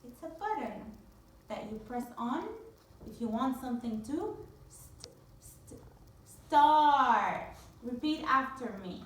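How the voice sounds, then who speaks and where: A woman teaching a phonics lesson to young children, with drawn-out, sing-song repetition drills. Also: fairly high pitch, expressive, fairly bright tone, distant mic. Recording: very echoey room, voice from off-mic.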